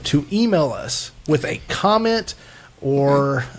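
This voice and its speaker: A man's voice: mid-range voice, big pitch swings, takes it slowly, slight background noise. A man hosting a casual podcast, rambling loosely and laughing often. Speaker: podcast host. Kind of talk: casual chat.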